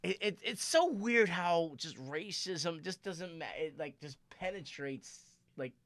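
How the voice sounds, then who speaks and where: A man guest in casual chat, telling stories with swearing and loud acted-out quotes. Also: fairly high pitch, unhurried, dry recording. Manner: animated storyteller, swearing, acting out quotes loudly.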